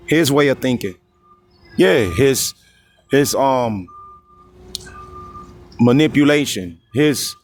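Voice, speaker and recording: A man in the middle pitch range, preaching scripture in a confrontational, profane street style. He reads verses slowly and deliberately, then breaks off to ask his listeners whether they follow. A faint hiss of background noise sits under his voice. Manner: constantly repeats "you see?" and "you know what I mean?"; coarse, heated, confrontational.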